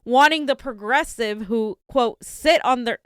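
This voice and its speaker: A woman's voice: a little high, a little slow, smooth, no echo, studio quality. Fired-up woman ranting on a chat show. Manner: fired-up, indignant ranting with frequent restarts. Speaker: co-host. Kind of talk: casual political chat show.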